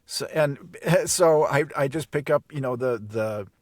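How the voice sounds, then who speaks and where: A middle-aged audiobook narrator from the Chicago area chats casually in an interview, using a standard American accent. His medium-pitched voice is a little slow, recorded dry and at studio quality. He often stumbles and repeats words as he begins sentences.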